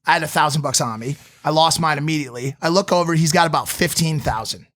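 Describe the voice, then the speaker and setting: A young man in his twenties co-hosting a podcast, telling a story in an animated, swearing way. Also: on the high side, fast. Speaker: podcast co-host. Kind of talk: casual storytelling chat.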